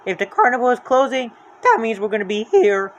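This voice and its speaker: A storybook reader voicing a jittery, cowardly young man who whimpers and yelps in a high, frantic voice. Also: big pitch swings, fairly quick, lightly acted. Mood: nervous.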